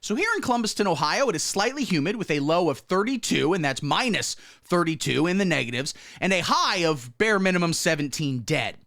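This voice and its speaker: A man hosting a satirical news show, delivering commentary in a mock-pompous, swaggering way with sudden low asides. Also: very animated, a little fast, hardly any pauses, sharp tone.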